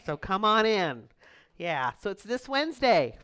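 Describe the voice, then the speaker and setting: A middle-aged woman minister giving a chatty, storytelling sermon with quick asides. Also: medium pitch, big pitch swings, fairly bright tone, smooth. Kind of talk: conversational sermon.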